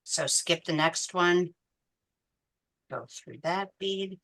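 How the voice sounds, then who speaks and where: A woman's voice: lowish voice, slow pace, a bit bright. A woman teaching a beading class step by step, counting beads aloud patiently. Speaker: beading instructor. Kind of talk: step-by-step craft tutorial.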